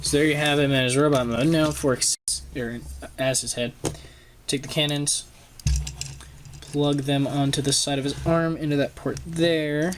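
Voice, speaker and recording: A young man sits at his home desk reviewing a toy he's filming close up, speaking casually and haltingly with lots of ums and uhs. His voice is a little high with fairly even intonation, and the camera's own microphone picks up background noise.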